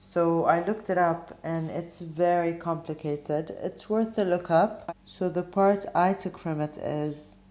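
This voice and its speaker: A woman giving a spiritual tarot reading, musing gently and pausing often with ums as she talks. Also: fairly low pitch, steady tone, reverberant. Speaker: tarot reader.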